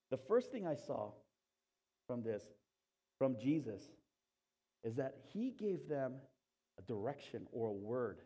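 A man preaching a sermon, telling a story with animation and swinging from loud to hushed, in a conversational way. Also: mid-range voice, slightly rough. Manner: conversational, asks the congregation "Okay?". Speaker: pastor.

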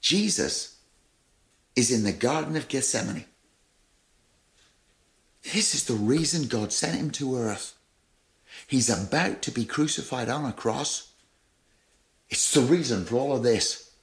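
A man preaching a sermon as pastor, reading scripture aloud with emphasis and retelling it in lively everyday words. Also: mid-range voice, unhurried, creaky, long pauses.

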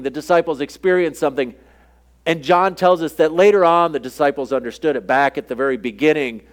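A man preaching a sermon in a conversational way, often acting out the lines of the people in the story. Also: a little high. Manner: conversational preaching, acts out quoted dialogue. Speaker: pastor.

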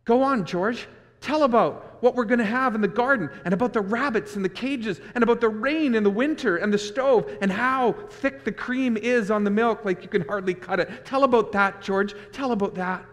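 A preacher putting on a hulking, childlike ranch hand who pleads like an excited boy, his voice jumping high and loud. The sound rings with a long reverb, as if in a large church. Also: moderate pace. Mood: eager, pleading. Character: big simple-minded male ranch hand, eager and pleading.

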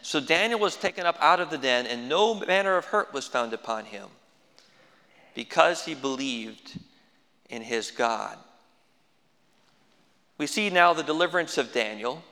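A man's voice: a little high, animated, a little fast, hardly any pauses, pushed and bright, long reverb tail. A man preaching a sermon as pastor, folksy with dry humorous asides.

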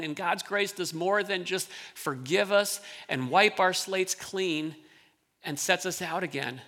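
A man's voice: on the high side, vocal fry, pushed and bright. A man, a pastor, preaching a sermon in a conversational style, often restarting phrases as he explains a scripture passage. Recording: long hall reverb.

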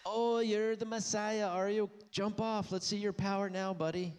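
Man doing a snide high-voiced heckler, sarcastic and taunting, in a sermon. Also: fairly even intonation, normal speed, darkish tone, natural voice. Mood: mocking. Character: sneering mocking male bystanders at a crucifixion.

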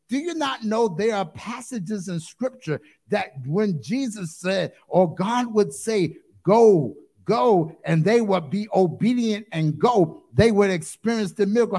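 Male preacher, high voice, gravelly edge, emphatic call-and-response sermon, repeats phrases, sudden whoops. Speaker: pastor.

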